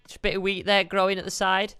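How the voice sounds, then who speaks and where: A man's voice: high voice, monotone, fast talker, sharp tone, clean tone, dry recording. A man co-hosting a gaming video, rambling casually and poking fun at himself. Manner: rambling, self-mocking. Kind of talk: casual gameplay chat. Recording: light background music.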